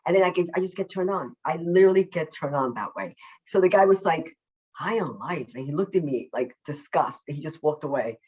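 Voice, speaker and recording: A woman, a self-love coach, talking as a podcast guest over a video call, effusive and emphatic, deliberately slowing down her naturally quick way of speaking. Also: low-pitched, animated, darkish tone, slightly rough, lo-fi sound. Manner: deliberately slowing her usual fast speech. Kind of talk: casual podcast interview.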